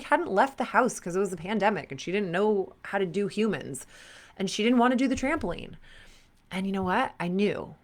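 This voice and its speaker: A performance coach in her thirties with a lowish voice speaks candidly to sport parents, sharing personal stories sprinkled with lively quoted asides.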